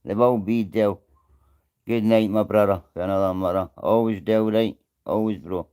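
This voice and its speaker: A man's voice: lowish voice, fairly even intonation, normal speed, warm tone, clean tone. A Scottish man on a live stream, rambling and greeting viewers by name in casual chat.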